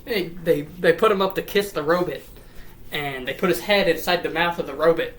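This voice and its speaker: A woman's voice: sits low, fairly quick, rough recording. A woman rambling through a profane, comedic retelling of a story. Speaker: lore storyteller.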